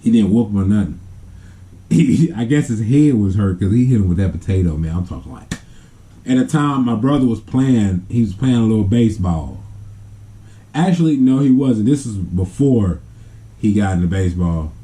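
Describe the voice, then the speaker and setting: A man vlogger telling a family story to camera in a casual, animated way, laughing often and acting out the sounds. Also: fairly low pitch, normal speed.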